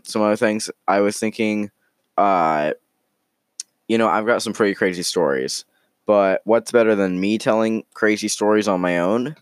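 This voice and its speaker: A man hosting a podcast, chatting casually and telling an improvised story in a rambling, joking, halting way. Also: on the low side, clean tone, dry recording, studio quality. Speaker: podcast host.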